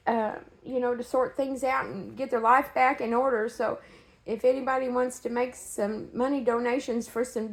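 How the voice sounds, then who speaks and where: A middle-aged woman with a slightly high voice gives a casual update to her followers as a dog breeder. She sounds emotionally shaken, and her speech halts often with fillers and restarts. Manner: halting, with many fillers and restarts. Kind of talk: casual direct-to-camera update.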